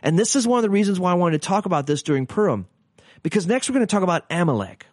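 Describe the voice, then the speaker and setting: Male podcast teacher, slightly high voice, earnest and conversational, dry close sound. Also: big pitch swings, rapid-fire, dry recording. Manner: earnest, conversational, with frequent restarts and rhetorical questions.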